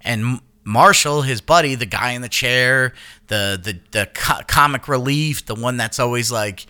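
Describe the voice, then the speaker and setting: A man's voice: mid-range voice, moderate pace, pushed and bright, clean tone. A man co-hosting a podcast, rambling and swearing in casual chat, full of fillers and restarts. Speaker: podcast co-host.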